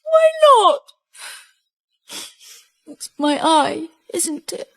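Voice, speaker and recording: A clingy dead bride with a very high, whiny voice, drawling her words out slowly. The tone comes through bright and piercing. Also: very animated, creaky, full character voice. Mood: pleading. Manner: shrill, pleading and indignant.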